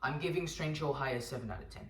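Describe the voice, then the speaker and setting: A man's voice: fairly high pitch, fast, fairly bright tone. A man hosting a comedic skit in his house, pushy and mock-outraged. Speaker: video host. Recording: roomy, from a distance, with background noise.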